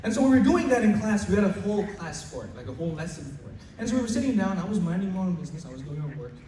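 Echoey teen stand-up comic, lively pitch. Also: male voice, rapid-fire. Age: late teens. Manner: chatty, stammering, acts out teachers' lines loudly. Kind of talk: school stand-up comedy. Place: school hall with an audience. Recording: echoey hall recorded from far off. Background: audience laughter and room noise.

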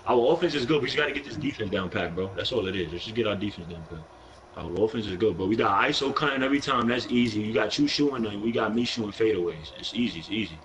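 A man's voice: lowish voice, expressive, fast talker, fairly bright tone, slight background noise, low-quality recording. A young man with a New York accent, live-streaming a basketball video game, talking in brash, profane trash talk with an aggressive edge. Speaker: gaming streamer.

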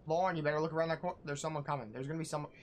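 A man's voice: fairly high pitch, steady tone, racing, slight background noise. A young man casually commentating a video game, bossily coaching and teasing the player while swearing a lot. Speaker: gaming channel host coaching a player. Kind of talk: casual let's-play commentary.

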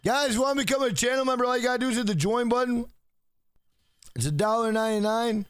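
A man streaming a video game live, swearing freely and loudly hyping up his donors. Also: very high voice, fast talker, clean tone, no room sound. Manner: profane, hyped, shouts out donors. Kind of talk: live gameplay stream chat.

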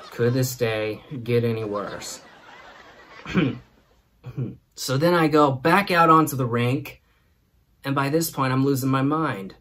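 A man's voice: medium pitch, unhurried, fairly bright tone, slight background noise. Man laughing through a comic story. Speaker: host. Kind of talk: comedic storytelling.

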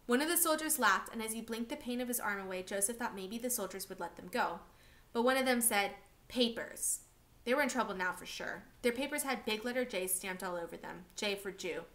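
A woman reading a novel aloud for a class, steady and expressive. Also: on the high side, fairly quick.

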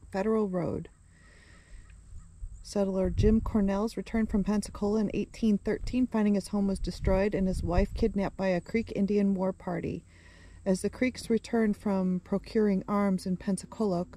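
A woman's voice: medium pitch, mellow, a little hiss or hum. A woman filming a casual travel vlog outdoors in a small rural town, chatty, reading a roadside marker aloud. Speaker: travel vlogger.

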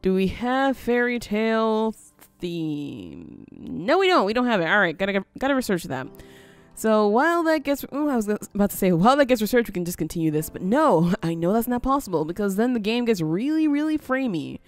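Over soft background music, a gaming video host from near the Canadian border in the US narrates her building game in a casual let's-play. Her medium-pitched voice is sing-song at a normal pace, and she muses aloud with many little laughs.

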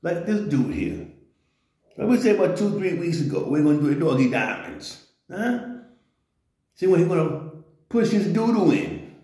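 A man's voice: on the high side, very animated, moderate pace, pauses often, warm tone. A man ranting in loose slangy commentary on a vlog, often tossing in "you know what I'm saying.". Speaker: vlogger. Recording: very echoey room.

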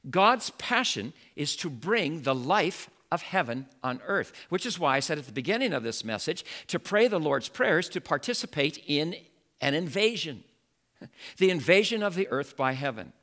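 A male pastor preaching a sermon in an animated way, building to emphatic exclamations. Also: on the high side, normal speed.

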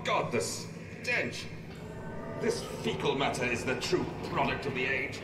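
An uneasy, disgusted gentleman asks pointed, appalled questions. His voice sits in the middle range and sounds distant and roomy in the game mix, with loud music playing. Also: medium pitch, very animated, measured pace.

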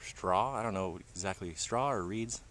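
A man's voice: lowish voice, normal speed, fairly bright tone, slight background noise. A man livestreaming in a park forest, chatting and joking with his viewers. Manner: chatty, jokey, talks to viewers. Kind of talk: casual livestream chat.

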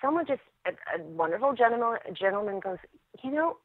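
Woman, actress guest, animated storyteller, laughs often, tinny phone line. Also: fairly high pitch, brisk, dry recording. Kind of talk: interview storytelling.

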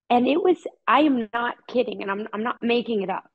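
Husky middle-aged woman. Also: on the high side, brisk, phone-quality sound. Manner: earnest, heartfelt, repeats words for emphasis. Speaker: podcast guest, mother. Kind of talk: candid personal storytelling.

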